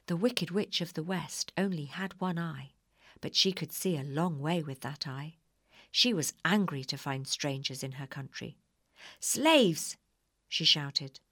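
A woman reading a children's storybook aloud in an expressive, clear way. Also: sits low, dry recording, clean studio sound.

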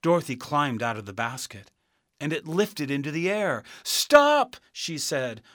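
A man reading a storybook aloud, slow and expressive. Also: medium pitch, dry recording, studio quality. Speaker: narrator.

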